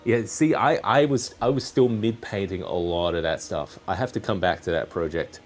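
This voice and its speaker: Rambling low-voiced man live-streaming. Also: moderate pace. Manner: rambling, self-correcting, chatty. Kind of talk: casual live-stream chat while crafting. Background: faint background music.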